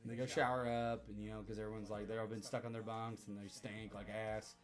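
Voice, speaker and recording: A man's voice: on the low side, level tone, a little fast. A man casually telling a rambling, profane story to a live chat, repeating himself as he goes.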